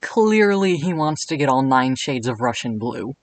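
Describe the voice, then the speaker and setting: A man narrating a comedic video essay in an irreverent, jokey way with deadpan asides. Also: mid-range voice, normal speed, rough recording.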